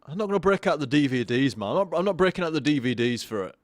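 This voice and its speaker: A man's voice: fairly high pitch, expressive, quick pace, no room sound, studio quality. A drunk young man streaming a game live, rambling, swearing and stammering over his own words.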